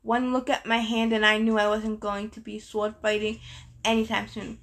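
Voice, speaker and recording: A woman's voice: a little high, normal speed. Woman reading an audiobook aloud. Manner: steady first-person storytelling. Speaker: narrator.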